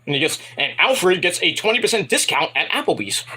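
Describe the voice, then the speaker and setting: A man casually reviewing a wrestling event in a rambling, animated retelling with asides. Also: high-pitched, a little fast, husky.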